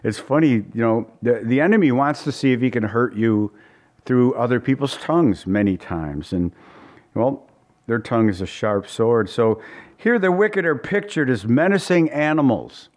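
A man's voice: medium pitch, animated, moderate pace, darkish tone. A man preaching a conversational Bible-study sermon in a folksy way, often repeating words and asking his listeners questions.

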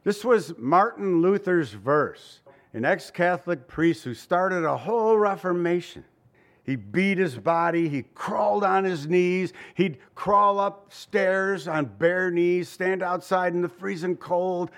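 A man's voice: high voice, slow. A man preaching a sermon in a conversational way, asking rhetorical questions and chuckling now and then. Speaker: pastor.

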